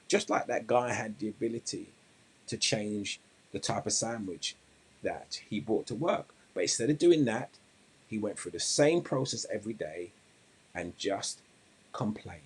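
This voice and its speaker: Husky-voiced man hosting a coaching podcast. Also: fairly low pitch. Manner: rambling, many fillers and restarts, earnest moralizing. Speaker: podcast host and weight-loss coach. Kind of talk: casual live-stream talk and storytelling.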